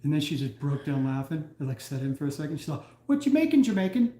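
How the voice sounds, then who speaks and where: A man of middle pitch riffs through crude jokes on a home live stream, swearing freely and chuckling at his own punchlines. His voice carries a roomy echo. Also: flat delivery, fast, dark tone. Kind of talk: casual chat.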